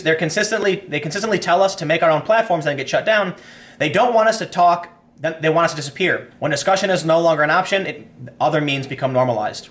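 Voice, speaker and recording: A young man hosts a casual livestream, reading viewer messages and answering them as he thinks aloud. His voice sits a little high for a man. He restarts sentences often and explains things through made-up scenarios. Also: a bit bright.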